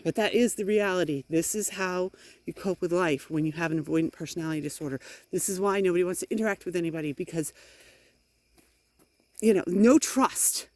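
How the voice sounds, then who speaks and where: A woman's voice: fairly low pitch, brisk, a little mellow. A middle-aged woman vlogging outdoors while walking in the rain, talking into a phone in a frustrated, emphatic way. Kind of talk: walking vlog monologue.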